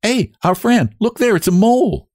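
A man's voice: a little high, wildly swooping pitch, normal speed, darkish tone, dry recording, clean studio sound, voice pushed up. A man voicing a bold, blunt young woman who talks brashly, in a storybook reading. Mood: eager.

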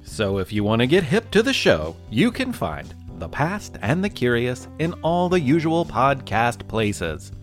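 A man's voice: mid-range voice, big pitch swings, a little slow, hardly any pauses, soft background music. A man reading a promo for his podcast in a playful, enthusiastic way. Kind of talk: promo read.

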